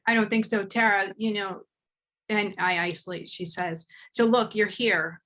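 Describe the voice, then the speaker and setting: A woman's voice: mid-range voice, steady tone, a little slow, bright, forceful tone. Earnest woman giving a medium reading. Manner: emotional, earnest, relays messages from the dead. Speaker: medium and host. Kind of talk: live spiritual reading chat.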